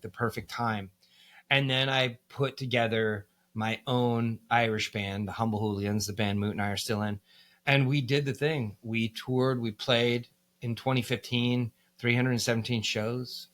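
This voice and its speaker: Heard first is a candid, cursing man with an ordinary, middle-pitched voice. He is from the United States. He talks through his music career in a loose podcast chat, with lots of likes and ums. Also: fairly bright tone. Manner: candid and profane, with many fillers. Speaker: band musician, guest. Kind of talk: casual podcast storytelling.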